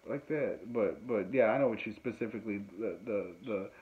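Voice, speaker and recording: Low-voiced man rambling casually, lo-fi. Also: moderate pace. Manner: rambling, joking, lots of fillers and laughs. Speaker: musician and podcast host. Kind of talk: casual chat. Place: home. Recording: dull lo-fi sound with faint noise.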